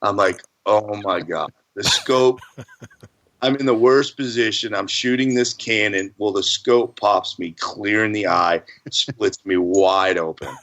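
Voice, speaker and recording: A man's voice: fairly low pitch, fairly even intonation, measured pace, fairly bright tone. A man tells a long story in a casual, rambling way. His delivery is folksy, and he laughs through it now and then. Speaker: hunting guest.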